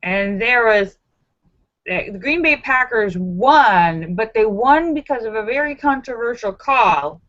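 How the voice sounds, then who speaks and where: A woman hosts a casual live-stream chat with a bright, high voice. She talks in an animated, emphatic and sassy way. The sound is dull and lo-fi. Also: slow. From Los Angeles area. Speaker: livestream host.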